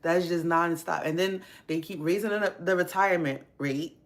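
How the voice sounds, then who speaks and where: A young woman chats on a casual livestream from a home workspace. Her voice sits a little low, and she rants bluntly, swearing often and pressing each opinion hard. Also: moderate pace. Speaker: livestream host.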